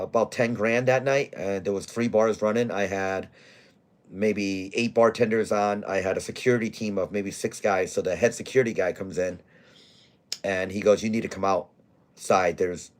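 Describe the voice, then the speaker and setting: A man who manages a bar, telling a rowdy story in blunt, profane casual talk. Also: lowish voice. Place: bar in Scranton, Pennsylvania.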